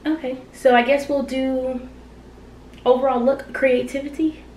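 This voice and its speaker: A woman's voice: high-pitched, little pitch movement, a little slow, a little mellow. A young adult woman co-hosting a casual, playful chat about a makeup challenge, recorded from a distance in an echoey room. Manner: chatty, playful, says y'all. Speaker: co-host. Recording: echoey room, mic far off, noisy.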